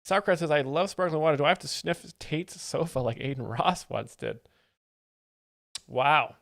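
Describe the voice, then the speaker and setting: A man's voice: a little high, lively intonation, moderate pace, vocal fry, fairly bright tone, dry recording, studio quality. A man hosting a live stream, giving wry, chatty commentary on clips. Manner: wry, chatty, amused asides. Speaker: host explaining jokes. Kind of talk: casual reaction commentary.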